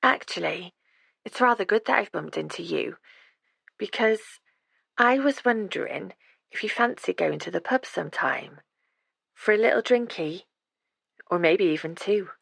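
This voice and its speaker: A woman voicing a flirtatious single mother with a breathy, coaxing manner, as a storybook character. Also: mid-range voice, lively intonation, a little slow, long pauses, fairly bright tone, dry recording, exaggerated voice. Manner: coaxing, playful.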